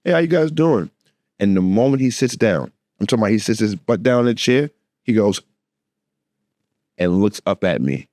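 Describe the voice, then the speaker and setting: A man co-hosting a podcast, telling a story in a lively, laughing way and acting out the voices in it. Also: lowish voice, moderate pace, long pauses, no room sound, studio quality. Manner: animated, laughing, acts out voices in his story. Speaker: podcast co-host. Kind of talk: casual storytelling chat.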